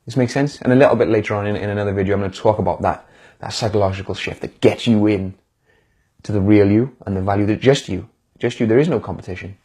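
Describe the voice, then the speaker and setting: A man's voice: lowish voice, fast, warm tone, slightly rough. A man speaking as a motivational speaker on a live stream, encouraging viewers directly in a casual pep talk. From United Kingdom.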